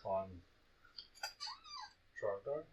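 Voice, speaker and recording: A man's voice: lowish voice, animated, very slow, highs cut off, music in the background. A man playing a tabletop game, chatting casually, musing aloud and laughing often with the group. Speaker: player.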